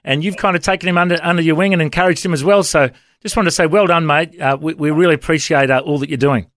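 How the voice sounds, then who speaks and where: A man's voice: on the high side, fairly even intonation, fast talker, fairly bright tone, no room sound, clean studio sound. A man in his forties with an Australian accent, hosting a casual radio chat in a friendly, affirming way. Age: 40s. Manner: friendly, affirming, with many "mate"s. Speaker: radio host.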